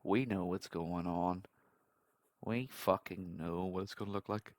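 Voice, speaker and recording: A man's voice: low voice, steady tone, a little slow, no room sound. A man hosting a podcast, reacting to a clip in casual, blunt commentary full of swearing. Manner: swears a lot, blunt and ranting.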